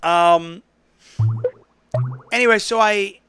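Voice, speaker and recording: A man's voice: high voice, slow pace, background noise. A man hosting a casual call-in poker podcast, telling stories in a chatty, rambling way. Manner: chatty, storytelling, self-interrupting. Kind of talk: casual solo call-in show talk.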